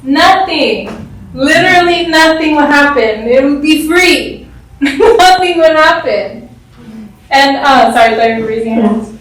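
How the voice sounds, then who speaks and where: A woman telling personal stories to a group in a blunt, straight-talking way, quick to laugh. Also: high-pitched, a bit bright. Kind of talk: casual storytelling talk. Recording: echoey room from a distant mic.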